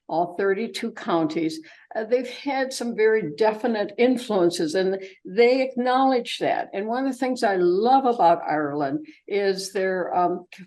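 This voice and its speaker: A woman's voice: medium pitch, a little mellow, rough recording. Chatty older woman giving a travel talk. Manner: chatty and rambling, with many fillers and asides. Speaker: travelogue presenter. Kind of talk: informal slide presentation to a group.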